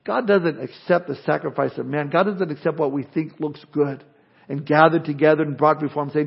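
A pastor preaching a sermon with animated delivery, acting out imagined people's objections. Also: male voice, a little high, brisk, vocal fry, breathy edge, muffled recording. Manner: animated, acts out imagined speakers.

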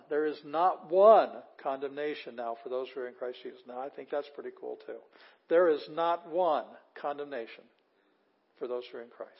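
Word by word, this lecturer explains Bible verses he reads aloud in his Greek class, keeping it casual with fillers and enthusiastic asides. His medium-pitched voice is slightly rough, and the lo-fi recording sounds a bit dull.

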